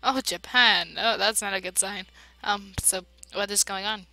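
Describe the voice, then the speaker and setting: A young woman plays through a game and comments on it casually, tossing in sarcastic, giggly asides. Her voice sits at a middle pitch and has a bright, crisp edge. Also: fairly even intonation, unhurried, a little hiss or hum. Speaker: let's play gamer.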